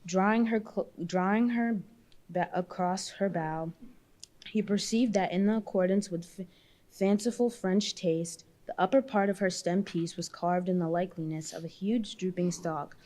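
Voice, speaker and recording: A woman reads a classic novel aloud at a public marathon reading. Her voice is mellow and sits a little low, and she often stumbles and backs up to restart a phrase. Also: measured pace. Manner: reads with frequent slips and restarts. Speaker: volunteer reader.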